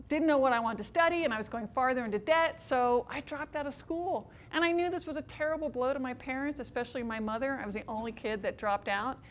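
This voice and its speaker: A woman in her fifties performing an autobiographical one-woman stage show, telling her story in a wry, expressive way with dry humor. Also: fairly high pitch, a little hiss or hum.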